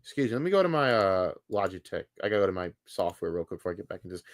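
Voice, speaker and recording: A man's voice: low voice, very animated, racing, hardly any pauses, dry recording, studio quality. A man ranting angrily on a live stream, swearing hard and repeating himself when worked up. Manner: heated, profane, repeats words when worked up. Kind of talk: angry live-stream rant.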